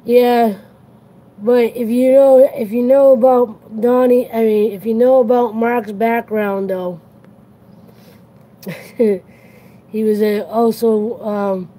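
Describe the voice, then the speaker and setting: A woman's voice: a little high, steady tone, takes it slowly, long pauses, dark tone, low-quality recording. A woman with a Boston accent hosting a casual late-night chat, rambling and correcting herself as she goes. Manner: rambling, self-correcting, chatty. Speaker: host.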